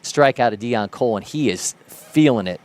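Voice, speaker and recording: A man with a low-pitched voice calls play-by-play for a baseball broadcast. He chats easily between pitches. His voice jumps up with excitement on strikeouts and outs. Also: moderate pace. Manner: lively, rises sharply on big plays. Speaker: play-by-play commentator.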